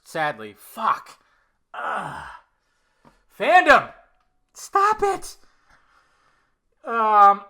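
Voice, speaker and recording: A man's voice: high voice, bright, forceful tone. A man hosting a solo podcast, ranting heatedly and swearing a lot. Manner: heated, swearing, emphatic rants. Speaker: podcast host.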